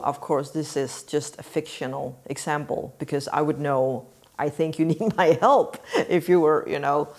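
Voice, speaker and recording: Low-voiced woman explaining earnestly. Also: a little mellow. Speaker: podcast host. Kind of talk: casual talk to listeners.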